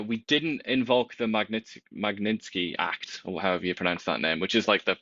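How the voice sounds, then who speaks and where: A man giving casual political commentary, animated and sarcastic, often laughing as he talks. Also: fairly low pitch, no echo. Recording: dull lo-fi sound.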